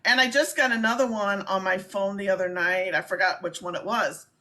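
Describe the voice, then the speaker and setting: A chatty woman on a casual live stream with a crisp, bright tone. Her voice sits in a middle range, and she presses her points emphatically. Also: medium pitch, fairly even intonation, brisk.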